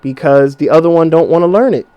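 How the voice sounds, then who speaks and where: A man's voice: a little high, quick pace, smooth, lo-fi sound. A man in his twenties hosting a podcast, giving blunt, profane relationship advice in a casual rant. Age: 20s. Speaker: podcast host.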